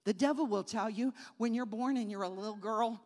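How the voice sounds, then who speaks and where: A woman preacher telling a childhood story in a sermon, moving between soft storytelling and loud preaching. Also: fairly high pitch, fairly quick, in a large hall.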